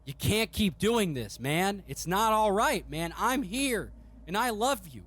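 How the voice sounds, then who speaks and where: A man's voice: sits high, sing-song, measured pace, pitched above the performer's own voice, exaggerated voice. A man voicing a desperate grown son who pleads with his father, in a strained, raised voice. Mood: pleading. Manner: pleading, strained, rising to shouts.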